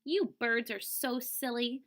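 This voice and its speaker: A woman voicing a hungry, frustrated young farmer man who shouts and scolds. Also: on the high side, fairly even intonation, a little slow. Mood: scolding. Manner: loud shouted cries.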